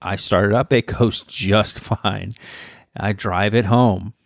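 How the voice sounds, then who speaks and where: A man's voice: on the low side, steady tone, takes it slowly, vocal fry, dry recording, clean studio sound. A man co-hosting a podcast, telling rambling, self-mocking stories in casual chat. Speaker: podcast co-host.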